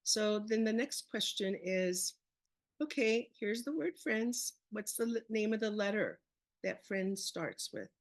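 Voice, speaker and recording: A woman with a medium-pitched, animated voice leads a webinar on early reading at an unhurried pace, recorded dry. She walks through her teaching step by step, posing questions and then answering them herself.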